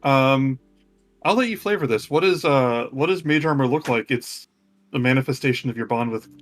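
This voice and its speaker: A man runs a tabletop game and narrates the scene in a mid-range voice. He keeps pausing on ums and restarting his sentences. His pace is relaxed and informal. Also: mid-range voice, soft background music. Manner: halting, full of ums and restarts. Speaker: game master.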